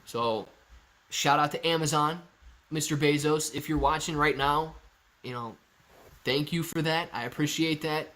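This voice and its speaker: A young man hosting a live stock-market Q&A stream, chatty and energetic as he reads viewer messages aloud. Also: a little high, measured pace. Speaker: livestream host.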